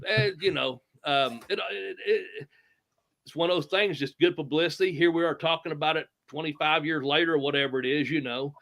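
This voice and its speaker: A middle-aged man, a retired wrestler telling profane, animated stories with sound effects. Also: on the high side, brisk, gravelly. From United States. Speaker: retired pro wrestler, guest. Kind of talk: casual storytelling interview.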